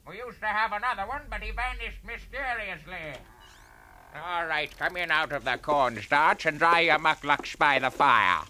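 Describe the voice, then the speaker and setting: An actor playing a pompous, sly mansion butler in a comedy radio play. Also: male voice, on the high side, moderate pace, sharp tone, slight background noise.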